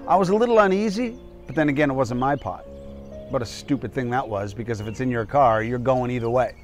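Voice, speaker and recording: A man in his fifties recounting a personal cautionary tale as a motivational speaker. He talks in a candid, emphatic, conversational way at a middle pitch. Soft music sits faintly underneath. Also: animated, fast talker. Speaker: doctor and public speaker.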